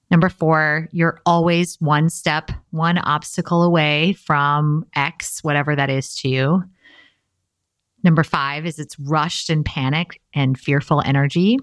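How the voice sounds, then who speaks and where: A woman's voice: low-pitched, fairly even intonation, a little slow, dry recording, clean studio sound. A young woman talking earnestly and casually, encouraging listeners in a motivational self-help talk.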